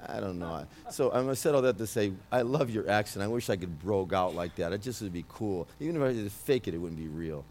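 Loud, emphatic New York man, low voice, delivering a prophetic word with restarts. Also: expressive, quick pace, few pauses. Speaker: minister giving a prophetic word. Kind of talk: prophetic ministry speech.

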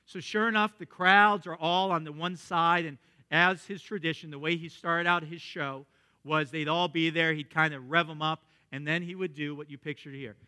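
A pastor preaches a sermon like a storyteller, building to excited peaks and then dropping to near whispers. His voice is bright and forceful, pitched a little high for a man. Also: normal speed, clean tone.

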